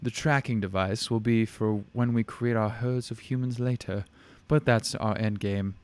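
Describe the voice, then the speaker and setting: A man voicing a calm, cruel alien entity with tendrils, explaining its plans in a matter-of-fact, menacing way. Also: on the low side, normal speed, lightly acted. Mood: calm menace.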